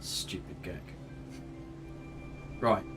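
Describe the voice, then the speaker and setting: A man chatting casually while streaming a game, joking, rambling and answering his chat as he plays. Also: extremely slow. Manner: chatty, jokey, rambling, reads chat aloud. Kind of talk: casual live-stream commentary. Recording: faint music behind.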